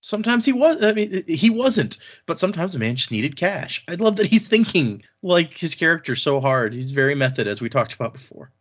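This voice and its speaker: A man's voice: a little high, fairly quick, few pauses. Guy on a podcast going over chapters, chatty, laughs a lot, does little voices for quotes, kinda dull lo-fi audio. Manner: animated, laughs often, slips into character voices for quotes. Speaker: podcast host recapping a book. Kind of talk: casual chat, recapping chapters with voiced quotes. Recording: dull lo-fi sound.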